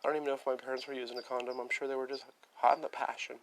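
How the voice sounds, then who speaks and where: A man's voice: mid-range voice, little pitch movement, very fast, slight background noise. A young man rambling on a casual livestream, part spiritual preaching, part chatting with viewers. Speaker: livestream host.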